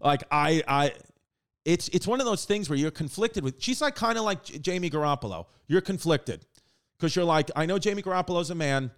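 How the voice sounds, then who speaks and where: A man's voice: on the high side, normal speed. Rambling, profane comedic man. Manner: rambling, profane, animated storytelling. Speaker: podcast co-host. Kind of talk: casual comedic chat.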